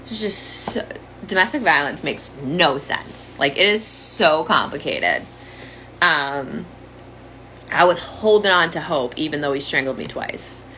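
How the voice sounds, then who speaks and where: Low-pitched and sharp, this young domestic violence survivor tells her story in an animated, unhurried way. It's a candid, conversational monologue peppered with "like," captured on a rough recording with slight background noise.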